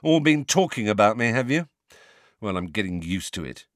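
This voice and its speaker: A man's voice: fairly low pitch, sing-song, moderate pace, no room sound, clean studio sound. A man voicing a sullen, touchy teenage boy who answers stiffly and defensively.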